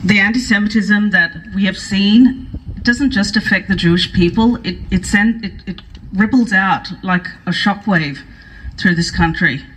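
A woman's voice: medium pitch, a little slow, fairly bright tone, slight background noise, low-quality recording. Earnest woman giving a rally speech. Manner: earnest, rousing, repeats phrases for emphasis. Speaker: politician speaking at a rally. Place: outdoor rally in a park.

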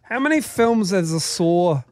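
A man's voice: high voice, lively intonation, a little mellow. A man, a radio co-host cracking jokes in casual banter. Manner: wisecracking, quick jokes between laughs.

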